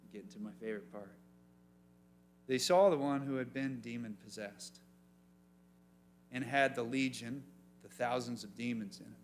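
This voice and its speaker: A youth pastor telling a story with lots of energy and funny voices, and asking the room questions. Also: male voice, mid-range voice, slight background noise. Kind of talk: youth sermon.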